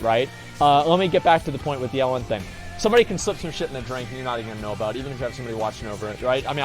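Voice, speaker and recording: A man streaming live, chatting casually and rambling through a profane, animated story while reading donations. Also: on the high side. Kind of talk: casual livestream chat. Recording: faint music behind voice.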